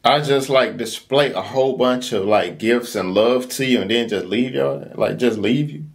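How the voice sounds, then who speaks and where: A man's voice: mid-range voice, moderate pace, gravelly. A man hosting a reaction video, giving slangy, casual commentary that keeps breaking into laughter. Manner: slangy, laughs a lot while talking.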